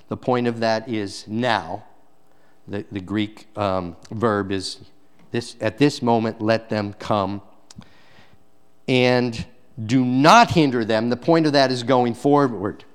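This is a male preacher with a medium pitch and a smooth, slow delivery. His sermon moves between emphatic loud peaks and quiet intensity, and he keeps asking the congregation rhetorical questions.

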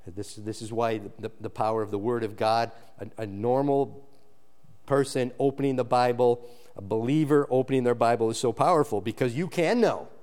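Male pastor, mid-pitched, earnest sermon teacher who restarts phrases and swings from hushed emphasis to animated peaks. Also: smooth. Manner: frequent restarts and repeated words. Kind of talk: expository sermon.

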